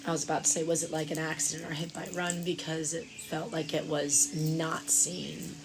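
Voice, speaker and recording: A woman chatting casually to viewers on an outdoor live stream, calling them darling, with gentle guided breathing. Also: sits low, little pitch movement, moderate pace, background noise. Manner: affectionate, calls viewers darling and lovelies. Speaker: livestream Reiki practitioner. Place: outdoors at sunrise. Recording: music playing in the background.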